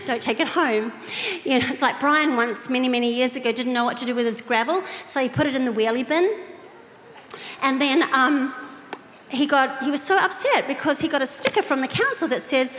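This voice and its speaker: High-voiced woman preaching in an echoey hall. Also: brisk. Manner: lively, chatty, playful asides to the congregation. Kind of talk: sermon with humorous anecdotes. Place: large church auditorium. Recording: echoey hall with long reverb.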